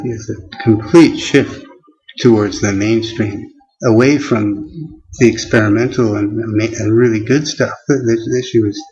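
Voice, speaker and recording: A man rambles to his camera in a slow, halting way, doubling back on his words and trailing off with fillers. His voice sits a little low, and the recording sounds dull and lo-fi. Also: a little mellow. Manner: halting, many restarts and fillers. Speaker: vlogger. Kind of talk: rambling casual monologue.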